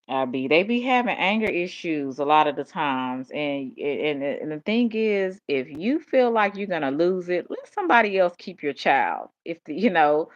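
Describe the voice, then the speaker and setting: An older woman, talking in a rambling, animated monologue. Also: low-pitched. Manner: rambling, animated storytelling with vernacular speech. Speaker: vlogger. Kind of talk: casual monologue. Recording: dull lo-fi audio.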